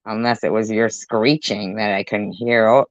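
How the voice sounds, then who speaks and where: A woman's voice: rumbling low, steady tone, normal speed, no room sound. A woman hosting a commentary channel, mocking and sarcastic as she reacts to clips, swearing freely. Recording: dull lo-fi dry sound.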